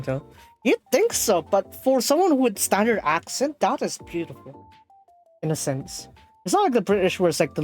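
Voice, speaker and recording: A woman streaming a game, reading the dialogue aloud and translating it, with halting speech full of fillers and restarts. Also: lowish voice, a little mellow.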